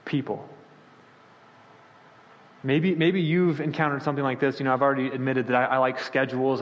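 A male pastor preaching a sermon, animated and storytelling, acting out the voices of the people he quotes. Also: long reverb tail, lo-fi sound. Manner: animated, acts out quoted voices with sudden pitch jumps.

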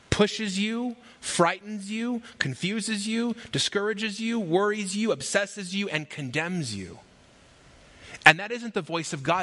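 A man preaching a sermon as pastor, energetic and emphatic, with rhythmic lists and acted asides. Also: high-pitched.

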